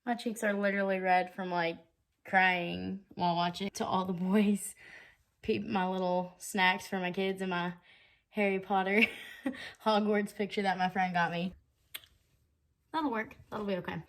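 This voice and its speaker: A woman's voice: medium pitch, steady tone, a little slow. A young woman in her twenties vlogging in a chatty, giggly way, with lots of "like" and "um". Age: 20s. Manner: chatty and giggly, many fillers like "like" and "um". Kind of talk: casual vlog chat.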